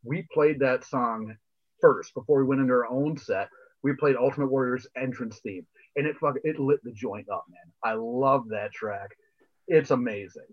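A man's voice: medium pitch, moderate pace, muffled recording. A man co-hosting a podcast in casual chat, laid-back and repeating phrases while he thinks. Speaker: podcast co-host.

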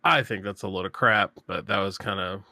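A man in a casual chat, opinionated and quick to laugh. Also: low voice, pushed and bright, no echo, clean studio sound. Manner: chatty, opinionated, laughs often.

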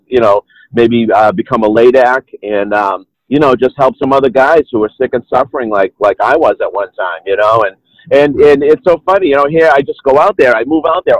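A man's voice: medium pitch, no room sound, muffled recording. Rambling Boston-accented man. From Boston area, New England. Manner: rambling, many "you know"s and restarts. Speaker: podcast guest. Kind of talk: casual interview chat.

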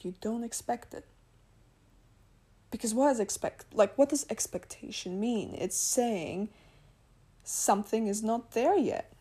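A woman's voice: a little high, lively intonation, unhurried, long pauses, dark tone, slightly rough. A woman whose first language is not English, hosting a podcast and talking in a chatty, rambling way, laughing often and correcting herself. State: tired. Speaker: podcast host. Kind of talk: casual spiritual podcast monologue.

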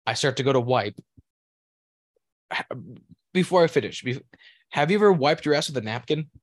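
A man's voice: mid-range voice, animated, normal speed, no echo, clean studio sound. Crude, rambling man telling a story. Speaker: podcast co-host. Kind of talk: casual podcast chat.

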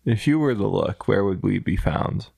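Male podcast co-host, teasing and laughing, lively pitch, dry close mic. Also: normal speed, vocal fry, husky, dry recording. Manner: teasing, laughs often, swings pitch a lot. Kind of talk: casual chat.

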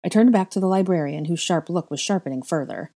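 A woman reading a first-person story aloud in a measured, soft storytelling manner. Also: fairly low pitch. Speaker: audiobook reader. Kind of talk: first-person fan fiction narration.

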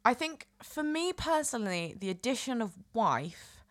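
A woman's voice: on the high side, big pitch swings, dry recording. A woman with a northern English accent co-hosting a podcast in casual chat, playful and teasing. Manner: chatty, playful, quick to laugh and tease. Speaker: podcast co-host.

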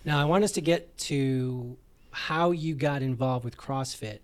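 A man's voice: medium pitch, unhurried. A man hosting a podcast as a running coach, who talks casually with a lot of fillers and jokes. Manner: rambling, fillers, joking. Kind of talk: casual interview chat.

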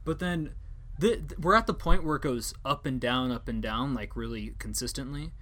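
A man's voice: medium pitch, moderate pace, bright, forceful tone. Joking young man rambling on a podcast. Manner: rambling, joking, casual swearing. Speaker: podcast host. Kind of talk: casual podcast chat.

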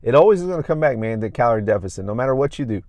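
A man's voice: medium pitch, animated, racing, darkish tone, no room sound. A man talking as a fitness coach, giving tips in an emphatic, repetitive coaching manner. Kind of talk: casual fitness tips monologue.

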